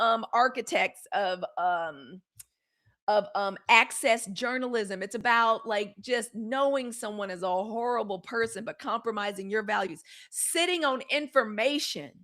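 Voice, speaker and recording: A woman's voice: a little high, a bit bright. Fiery outspoken woman hosting live news commentary. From United States. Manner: blunt, fiery and sarcastic, with swearing and colloquial talk. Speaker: host of a daily live news commentary show. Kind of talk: live-stream commentary reading viewer comments.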